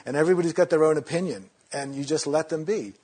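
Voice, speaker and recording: A man teaching meditation in a relaxed, conversational way, sometimes acting out inner voices in a mocking tone. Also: on the high side, fast, slightly rough.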